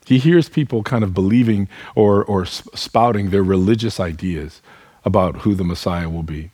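A man's voice: low-pitched, moderate pace, warm tone, husky, no echo. A pastor preaching a sermon, earnest, putting direct questions to his listeners. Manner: speaks to the congregation as "y'all".

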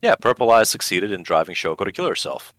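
A man co-hosting a podcast in casual chat, animated and breaking into high excited emphasis, speaking English as a second language. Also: fast, no room sound. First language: not English. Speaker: podcast co-host.

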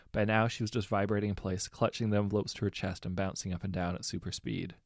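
A man narrating a fan fiction audiobook in a steady, wry storytelling manner. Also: fairly low pitch, quick pace, gravelly, hardly any pauses, dry recording, clean studio sound.

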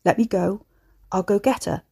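A woman's voice: medium pitch, moderate pace, gravelly, mellow, slightly rough. A woman doing a desperate young monster man. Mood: scheming. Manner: pleading, swearing, working-class speech. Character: young male shapeshifting cannibal, desperate and defiant.

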